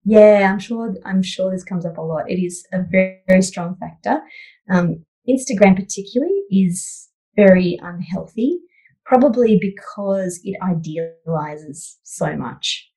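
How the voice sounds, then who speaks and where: A woman's voice: medium pitch, unhurried, warm tone, rough recording. A woman psychologist answering interview questions in a thoughtful, conversational way, with many "you know" fillers. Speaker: psychologist guest.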